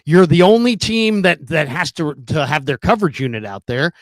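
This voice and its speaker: A podcast co-host with a fairly high, widely swinging voice speaks at a moderate pace over a remote call with no room sound. On the casual sports talk show he argues his points with pointed questions and restarts frequently.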